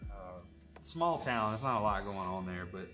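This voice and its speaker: A tattoo artist chats casually while he works, rambling and joking with lots of fillers. His voice is on the low side, animated, bright, and forceful at a moderate pace, with faint music behind.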